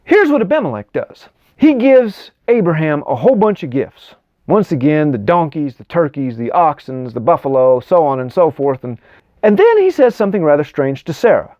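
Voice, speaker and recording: A man retells old stories in casual commentary, his pitch swooping widely and sitting slightly high, with wry asides and frequent restarts. The recording is dull and lo-fi, and the sound is dry. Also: sing-song, moderate pace, no room sound. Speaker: Bible commentator.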